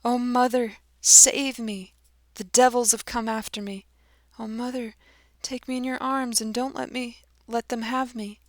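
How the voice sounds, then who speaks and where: A woman's voice: medium pitch, steady tone, slow pace, dry recording, clean studio sound, natural voice. Woman voicing a dying young man crying out in terror. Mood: terrified. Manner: crying out in anguish, pleading and shrieking. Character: dying young male student, terrified and despairing.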